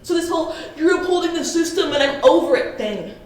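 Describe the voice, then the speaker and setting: Young woman as defensive teen jury head, high voice, distant mic, very echoey room. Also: expressive, moderate pace, natural voice. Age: young adult. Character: self-righteous teen girl heading student jury.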